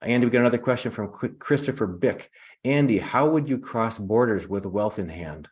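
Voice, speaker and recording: A man, the show's host, reading out a viewer's question in a brisk way. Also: on the low side.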